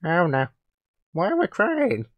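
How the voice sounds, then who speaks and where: A man's voice: high-pitched, huge pitch swings, unhurried, dry recording, heavily acted. A man doing an impression of a middle-aged cartoon dad, commentating a horror game in a hesitant way. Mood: panicked. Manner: hesitant, many uhs, yelps in panic. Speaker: gameplay commentator. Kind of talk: Let's Play commentary in an impression voice. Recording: music playing behind.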